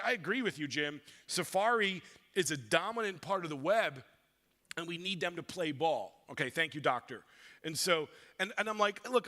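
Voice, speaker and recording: A man's voice: sits high, sharp tone. A man giving a conference talk, telling a story in a playful way and acting out other people's lines. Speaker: conference speaker. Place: conference stage.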